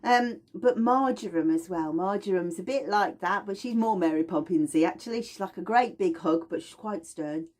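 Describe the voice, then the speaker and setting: A woman teaching aromatherapy in a casual, chatty demonstration, lively and playful as she explains. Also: fairly low pitch, moderate pace, few pauses. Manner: chatty, animated, with playful put-on voices.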